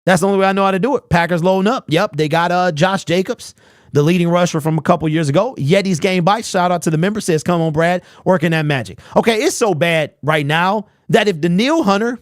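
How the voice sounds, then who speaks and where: A man's voice: high-pitched, fast, no room sound, studio quality. A young man hosting a live sports talk stream, ranting bluntly, reading chat messages aloud and firing off rhetorical questions. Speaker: host.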